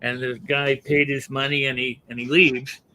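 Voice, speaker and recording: Bright-toned male host, reflective and chatty. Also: mid-range voice, flat delivery, a little hiss or hum, rough recording. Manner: conversational, reflective, halting restarts. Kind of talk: casual interview chat.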